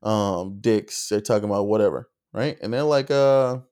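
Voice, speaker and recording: A man's voice: lowish voice, normal speed, hardly any pauses, darkish tone. A man telling a comic story in a rambling, casual way, with many fillers. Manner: rambling, lots of fillers and restarts. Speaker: comedian.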